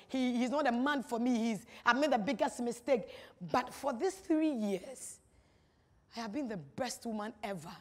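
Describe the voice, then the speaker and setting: A woman with a fairly high voice shares a personal testimony in a long-echoing hall. She talks emphatically, repeats her phrases for weight, and moves between hushed lines and loud bursts. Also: animated, normal speed. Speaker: speaker giving a testimony. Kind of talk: personal testimony at a church-style gathering. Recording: reverberant hall.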